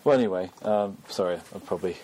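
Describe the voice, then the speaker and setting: A man's voice: sits low, fast, dark tone. A man hosting a podcast, chatting casually in a rambling, self-deprecating way with many fillers. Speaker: podcast host. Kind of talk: casual chat.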